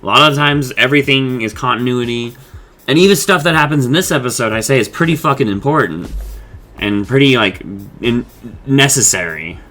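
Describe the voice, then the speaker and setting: Speaking fairly quickly in a bright, forceful mid-range voice, this podcast host talks through an episode in a loose, rambling recap. He curses without restraint and paraphrases what the characters said.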